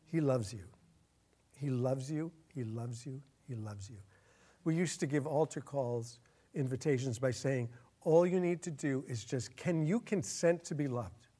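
A man preaching a sermon as a pastor, earnest, getting louder and slowing down to stress his points. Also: mid-range voice, breathy edge. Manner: earnest, swells louder and slows down for emphasis.

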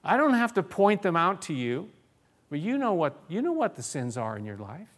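A man's voice: high voice, sing-song, normal speed, a bit bright. A man preaching a sermon as pastor, earnest, reading scripture aloud and often restarting his phrases.

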